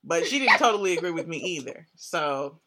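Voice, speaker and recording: A woman's voice: lowish voice, lively intonation, a little fast, bright, forceful tone. A young adult woman co-hosting a podcast, pushing back in casual chat with a stubborn, playful, colloquial manner. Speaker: podcast co-host.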